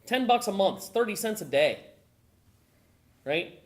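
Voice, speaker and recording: Speaking to a gun owners' meeting, this woman has a mid-range voice and an unhurried pace. Her delivery is animated as she poses questions to the crowd and plays out dialogues.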